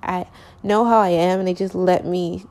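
A woman's voice: on the low side, fairly even intonation, moderate pace, darkish tone. A young woman casually telling a long personal story, rambling with lots of fillers and slang, correcting herself as she goes, sleepy and yawning.

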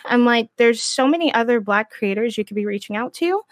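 A woman's voice: fairly high pitch, lively intonation, brisk, no echo, studio quality. A woman streamer speaking frankly and with passion in a casual panel discussion. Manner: impassioned, frank and blunt.

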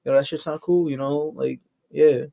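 Brief: higher-voiced guy, rambling profane podcast host, joking, dull low-fi sound. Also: fairly even intonation, normal speed, vocal fry, warm tone. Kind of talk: unscripted solo podcast chat. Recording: dull lo-fi recording.

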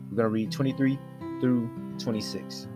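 A man's voice: medium pitch, steady tone, moderate pace, over music. A man hosting a devotional podcast, earnestly exhorting his listeners and addressing them directly. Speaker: podcast host.

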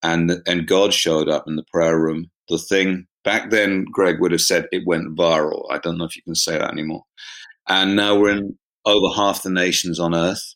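Low-voiced Englishman, chatty and wry. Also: fairly even intonation, moderate pace, fairly bright tone. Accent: southern English. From southeast England. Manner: self-deprecating, chatty, laughs often. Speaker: pastor and guest. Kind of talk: casual interview chat. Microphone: remote call.

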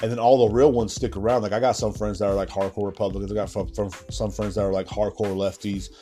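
A man's voice: fairly low pitch, level tone, quick pace, mellow, faint music behind. A man hosting a podcast, rambling through a casual, profane solo rant. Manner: rambling, profane, laid-back. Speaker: podcast host.

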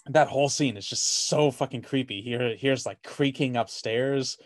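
A man's voice: medium pitch, normal speed, no echo. A man in easygoing podcast chat, his voice sitting in an ordinary middle register. He wanders through his thoughts with constant "like"s and casual profanity. The sound is tight and dry, with no room around it. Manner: rambling, lots of "like", swears freely. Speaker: podcast co-host. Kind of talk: casual movie discussion.

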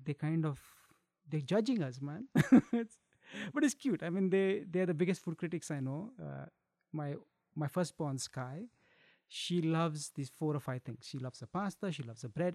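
A man's voice: fairly high pitch, dark tone, no echo, studio quality. A middle-aged man, a chef, chatting casually in an interview, laughing often and restarting his phrases. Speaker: chef and food business owner.

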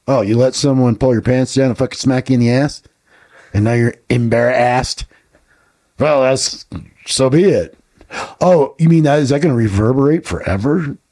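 A man's voice: mid-range voice, a little mellow, slightly rough. A man co-hosting a podcast, talking bluntly and swearing often, firing off rhetorical questions in casual talk. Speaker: podcast co-host.

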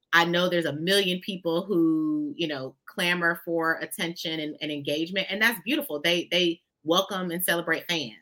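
Bright-voiced woman telling stories. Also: on the low side. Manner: expressive, folksy, addresses listeners as "y'all". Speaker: guest. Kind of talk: conversational storytelling.

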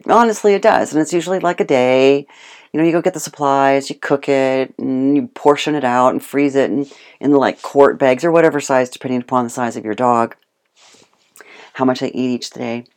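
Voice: medium pitch, moderate pace. A guest in casual chat who tells stories with animation, laughs often and acts out what other people said. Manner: animated storytelling, acts out quotes. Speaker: guest speaking on homemade dog food.

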